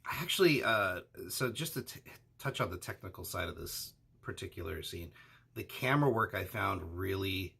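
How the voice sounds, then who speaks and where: Male co-host, gravelly and husky, lowish voice, casual questioning chat. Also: animated, normal speed, sharp tone. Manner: asks questions, hedging with fillers like "uh" and "you know". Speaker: anime discussion co-host. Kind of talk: casual analytical discussion.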